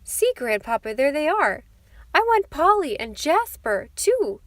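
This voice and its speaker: A woman's voice: on the high side, big pitch swings, normal speed, darkish tone, no room sound, pitched above the performer's own voice. A woman reading an audiobook, voicing a sweet, pleading little girl. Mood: eager. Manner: wistful, coaxing.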